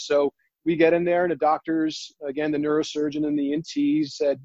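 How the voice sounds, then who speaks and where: A man earnestly telling a personal story, near tears, halting and restarting often. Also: a little high, flat delivery, a little mellow, dry recording, muffled recording. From New Jersey. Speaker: guest.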